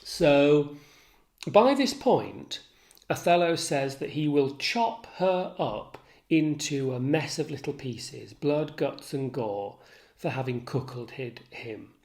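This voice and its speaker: Brief: relaxed, slow-talking literature tutor analysing a play. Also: medium pitch. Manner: informal, thoughtful, with fillers.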